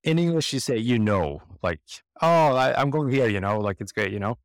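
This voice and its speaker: Speaking at a moderate pace in a mid-range voice, this interview guest from Sweden shares conversational stories. He gets animated, imitating the voices of those he quotes, and there is no echo on the recording.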